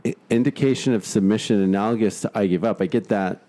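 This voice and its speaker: A man with a fairly low voice hosts a casual, crude podcast chat. He reads facts aloud and riffs on them with coarse jokes. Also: fast talker, mellow. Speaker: podcast host.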